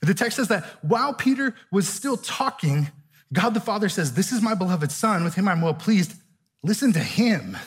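A man's voice: sits high, big pitch swings, moderate pace, husky. A male pastor, preaching a conversational sermon and often checking in with "right?". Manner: conversational, keeps asking "right?".

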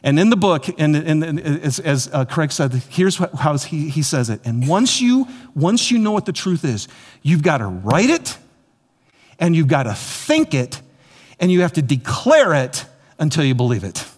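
A man preaching a sermon as pastor, animated and repetitive, speaking straight to his congregation. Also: a little high, moderate pace. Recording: long hall reverb.

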